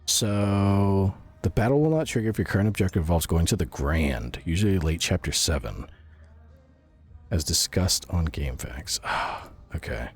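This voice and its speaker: A man streaming a video game in casual chat, his voice strained and roughened from yelling, reacting aloud and answering chat. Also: deep voice, lively intonation, moderate pace.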